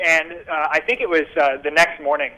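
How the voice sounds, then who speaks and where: A man with a fairly high, bright, forceful voice tells a personal story as an interview guest. He rambles through fillers and restarts in a casual way. He acts out the lines of the people in his story. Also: moderate pace, poor audio. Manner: animated, acts out quoted dialogue.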